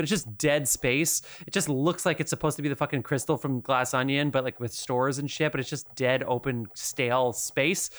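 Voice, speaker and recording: Male podcast co-host, fairly high voice, profane animated rants. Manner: profane, animated ranting with sudden pitch jumps. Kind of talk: casual ranting chat.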